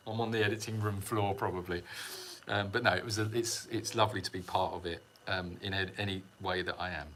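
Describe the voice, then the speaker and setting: A middle-aged man chats loosely to his viewers, drifting off topic and laughing at his own jokes. His voice sits fairly low but comes across bright and forceful. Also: a little fast, slight background noise. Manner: rambling, self-mocking, chuckles often. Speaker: sanctuary livestream host. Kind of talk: casual livestream chat.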